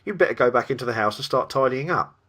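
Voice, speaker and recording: A man voicing a calm, commanding middle-aged salesman who speaks with quiet authority. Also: mid-range voice, quick pace, pitched above the performer's own voice. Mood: dryly amused. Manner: quiet but absolute authority.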